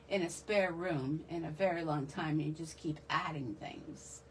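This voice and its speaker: A woman's voice: on the low side, measured pace, a little hiss or hum. Chatty woman hosting a craft live stream. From northeastern United States. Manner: chatty and rambling, greeting viewers by name. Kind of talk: casual live-stream chat. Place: home craft room.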